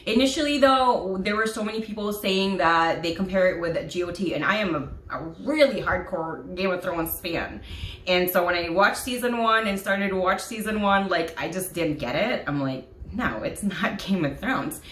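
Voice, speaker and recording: A woman's voice: mid-range voice, normal speed, fairly bright tone, a little hiss or hum. A woman vlogger chatting casually and emotionally about a TV series, gushing, with lots of fillers. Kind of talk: casual chat. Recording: echoey room.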